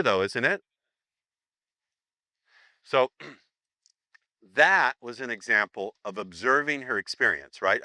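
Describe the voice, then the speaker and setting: Telling a story to his live seminar audience, this male instructor keeps it chatty and playful, voicing the dialogue himself. His voice is medium-pitched and sharp, and the recording is dry.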